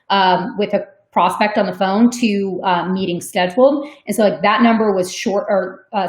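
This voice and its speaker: A woman answering audience questions in a webinar, talking casually with many ums and likes. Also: medium pitch. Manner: conversational, frequent "um" and "like", laughs easily. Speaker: sales development manager on a webinar. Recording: echoey room.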